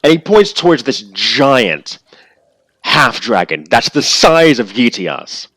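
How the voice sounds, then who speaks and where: A man narrating as game master in a tabletop game, in quick, animated narration full of restarts. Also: medium pitch, no echo.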